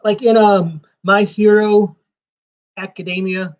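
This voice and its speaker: A man's voice: sits high, measured pace, pauses often, dull audio. A man giving rambling live-stream commentary while flipping through a comics preview magazine, with sarcastic asides.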